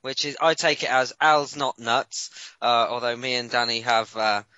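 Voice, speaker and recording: A man hosting a casual podcast, with a bright, energetic voice, moving briskly from segment to segment. The sound is dry and somewhat dull, like a lo-fi home recording. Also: medium pitch, no echo. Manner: brisk, cheerful running of segments. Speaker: podcast host. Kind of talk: casual chat.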